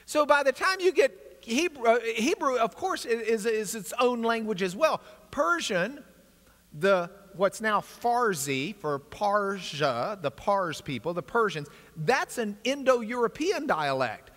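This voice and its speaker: A man teaching a Bible class in an energetic, animated lecture style, with asides to his class. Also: high-pitched, measured pace. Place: large church classroom. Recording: long hall reverb.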